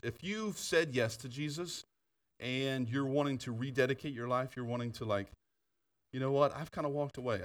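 A man preaching in a church, telling stories with laughs and asides, then turning quieter to lead an altar call. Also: medium pitch, distant mic. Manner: animated storytelling with laughter and asides. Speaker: pastor. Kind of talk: sermon. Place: church sanctuary.

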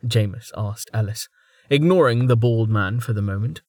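A man narrating a fantasy audiobook in an even, measured way, close to the mic. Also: lowish voice, no echo.

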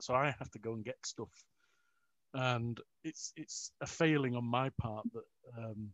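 A man's voice: mid-range voice, dry recording. A middle-aged man in a casual chat, rambling with restarts, self-mocking and often chuckling. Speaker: interview guest. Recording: dull lo-fi recording.

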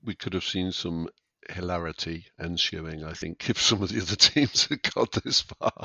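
A man's voice: low voice, moderate pace, gravelly, sharp tone, dry recording. A man co-hosting a podcast, talking casually in a laid-back, dry way. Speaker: podcast co-host. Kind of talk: casual chat.

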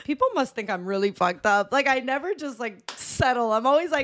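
Young woman telling a story, animated and laughing. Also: high voice, a little fast. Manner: animated, laughing, acts out quoted voices. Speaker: podcast co-host. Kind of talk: casual chat, storytelling.

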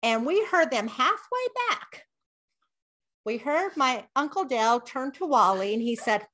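A woman's voice: high voice, expressive, unhurried, bright, forceful tone. A middle-aged woman co-hosting a podcast, telling family stories in a casual chat, laughing often and mimicking her father's voice. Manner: laughs often, quotes her dad in a gruff voice. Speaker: podcast co-host.

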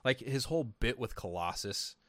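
A man's voice: mid-range voice, moderate pace, no echo, clean studio sound. A man co-hosting a casual podcast, telling stories with lots of swearing and acted-out quotes. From Sacramento, California. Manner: animated, profane storytelling with lots of voiced quotes. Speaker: podcast co-host. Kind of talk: casual chat.

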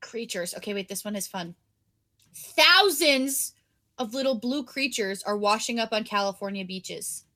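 Bright, giggly young woman chatting. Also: mid-range voice, unhurried. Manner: giggly, animated. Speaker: podcast co-host. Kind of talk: casual chat, reading news aloud.

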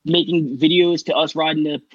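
A man from New York spins a long story in loose, rambling podcast chat, swearing freely and restarting his sentences. His voice sits a little high. The recording is dull and lo-fi, with a dry, close sound. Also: steady tone, moderate pace, no echo. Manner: rambling, profane, lots of fillers and restarts. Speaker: guest rider telling his story.

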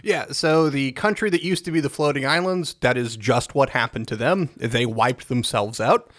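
A man's voice: medium pitch, moderate pace, fairly bright tone, dry recording, studio quality. A man co-hosting a podcast, chiming in on a game's story with laughs and profanity. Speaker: podcast co-host. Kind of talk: casual podcast chat recapping a game.

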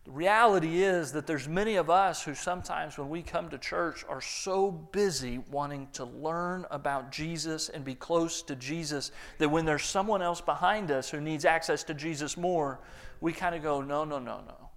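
A man's voice: a little high, normal speed. Man preaching with dramatic swings. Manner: dramatic, acts out quoted voices, swings between loud and hushed. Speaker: pastor. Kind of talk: sermon.

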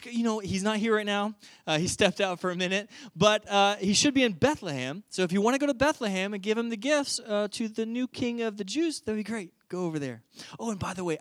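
A man's voice: high voice, dry recording, clean studio sound. A man voicing a jealous, scheming ancient king who flusters and then turns falsely sweet.

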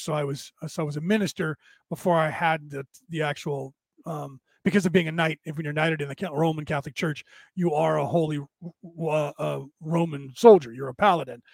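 A man's voice: a little high, gravelly, no room sound. Rambling man, tired voice, dry sound. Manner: rambling, chuckling, searching for words. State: tiring, strained voice. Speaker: livestream host and minister. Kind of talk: casual livestream chat answering viewers.

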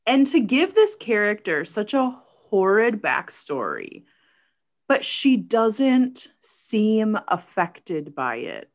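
A woman's voice: mid-range voice, wildly swooping pitch, slow. A woman co-hosting a casual podcast, wryly retelling a movie and quoting its dialogue. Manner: wry, quotes dialogue, laughs along. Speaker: podcast co-host. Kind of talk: casual movie recap chat.

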